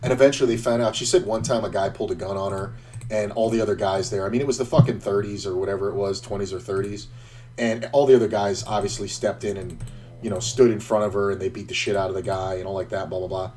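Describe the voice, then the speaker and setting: A man's voice: fairly low pitch, fast. Profane rambling male poker streamer. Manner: profane, rambling, animated storyteller. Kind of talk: casual storytelling while playing poker.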